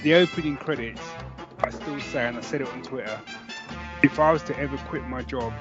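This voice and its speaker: A man's voice: medium pitch, fairly quick, over music. A man from England co-hosting a casual podcast chat, rambling and playful. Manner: chatty, rambling, with playful put-on voices. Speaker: podcast co-host. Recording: dull, dry sound.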